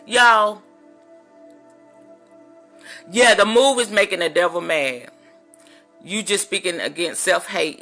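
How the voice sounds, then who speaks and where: A woman minister talking straight to her viewers in a casual, animated, preachy vlog monologue. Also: mid-range voice.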